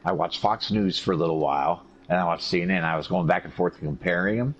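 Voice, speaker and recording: A man recovering from surgery, telling profane, animated stories in a casual chat. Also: sits low, fast, slightly rough. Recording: dull lo-fi recording with faint noise.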